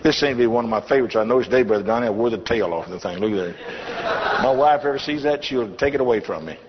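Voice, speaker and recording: In a church hall, an older man preaches a testimony sermon, telling his story in a folksy, humorous way with a mid-range voice at a fast clip. A crowd can be heard behind him, and the lo-fi recording sounds dull and reverberant.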